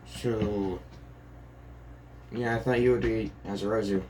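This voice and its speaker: A polite, composed teenage schoolgirl , as a man puts her on asks calm, measured questions in a told fan story. The voice stays low, close to the narrator's own. A faint hiss sits under it. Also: lightly acted. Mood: curious.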